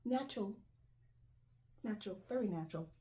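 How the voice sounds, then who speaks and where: A woman's voice: medium pitch, expressive, brisk, mellow, slight background noise. A woman hosting her own video, talking casually to the camera as she shows things, often repeating herself and checking in with "right?". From Jamaica. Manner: chatty, repetitive, keeps asking "right?". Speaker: video host. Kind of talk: casual show-and-tell talk to camera.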